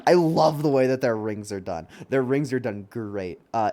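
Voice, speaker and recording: A man's voice: mid-range voice, moderate pace, hardly any pauses, mellow. A young man giving casual, chatty live commentary while playing a video game, laughing often and slipping into silly voices. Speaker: streamer. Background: faint game music.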